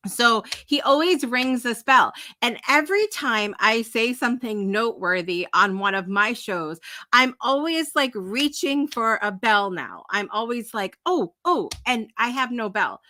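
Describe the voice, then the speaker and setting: A woman's voice: a little high, expressive, unhurried, bright, forceful tone, no echo. A woman hosting a live morning talk show, chatting in a bubbly, emotional way that rambles along with lots of fillers and laughter. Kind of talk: casual live-stream chat.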